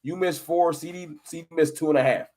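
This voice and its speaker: Animated man hosting a sports live stream. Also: fairly high pitch, fairly quick. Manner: animated, argumentative, addresses chat viewers directly. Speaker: fan channel live stream host.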